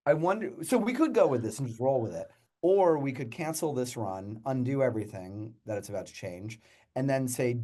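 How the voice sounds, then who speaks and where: A man's voice: medium pitch, expressive, fairly quick, warm tone. A man casually explaining a coding assistant demo in a friendly, explanatory way. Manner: friendly, explanatory, laughs easily. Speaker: developer co-hosting a coding demo. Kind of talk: casual tech demo chat.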